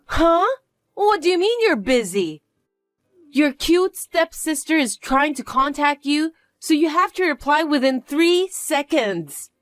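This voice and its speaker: Casting: a woman doing a shrill, boastful young stepsister, lively swoops, slow delivery, dry close sound. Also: dry recording, soft background music. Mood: demanding. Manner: high, smug and demanding. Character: bratty vain young stepsister, boastful and rude.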